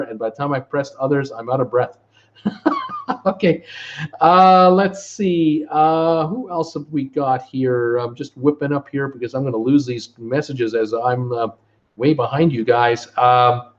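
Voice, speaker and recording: Male host, slightly high voice, chatty live-stream reading of comments, dull lo-fi sound. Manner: reads viewer comments aloud with many fillers. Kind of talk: casual live stream chat.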